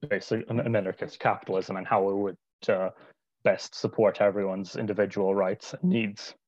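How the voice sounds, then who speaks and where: A young man speaking as a guest in a casual interview, hesitant and full of filler pauses. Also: low-pitched, level tone, a little mellow, no room sound. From United Kingdom. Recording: dull lo-fi remote audio.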